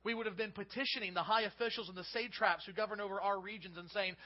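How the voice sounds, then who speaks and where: A male pastor preaching a sermon, reading scripture aloud and explaining it in an animated way. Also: high voice, fast talker, few pauses. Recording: slightly dull lo-fi recording.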